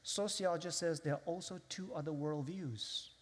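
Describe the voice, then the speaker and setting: A man's voice: fairly high pitch, moderate pace. A man with a foreign accent preaching as a guest speaker, who acts out his listeners' voices and quotes scripture. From outside the US. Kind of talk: sermon. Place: large hall with a live audience. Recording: long hall reverb.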